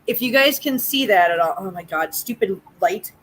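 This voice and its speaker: A woman's voice: mid-range voice, expressive, normal speed, slight background noise, low-quality recording. A woman hosting a casual live chat about cats, playful and mock-offended. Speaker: livestream host.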